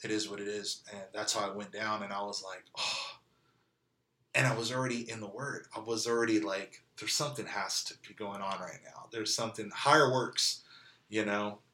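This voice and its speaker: A man's voice: fairly low pitch, steady tone, normal speed, pushed and bright. A man from California telling his story as an interview guest, candid and conversational, peppered with "like" and "you know.". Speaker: interview guest sharing testimony. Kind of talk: casual storytelling.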